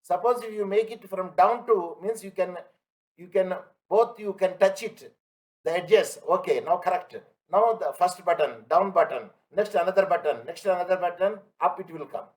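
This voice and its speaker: A lecturer with a high-pitched, slightly mellow voice teaches an online class at a moderate pace, though the audio quality is poor. Emphatic and fond of everyday analogies, he repeats his points and asks students whether they're following.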